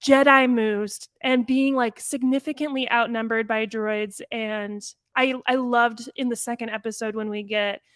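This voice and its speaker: A woman co-hosting a podcast, reviewing a cartoon episode in casual chat, animated and quick, full of "like". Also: fairly high pitch, no room sound. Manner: animated, quick bursts, frequent "like". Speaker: podcast co-host.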